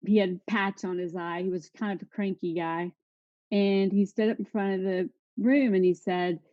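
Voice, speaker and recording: A candid, middle-aged woman speaks straight to her listeners about her recovery. Her voice sits a little low with a mellow, dark tone. The recording is dry and somewhat dull. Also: no echo. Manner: candid and emotional, addressing the audience directly. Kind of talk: personal testimony talk.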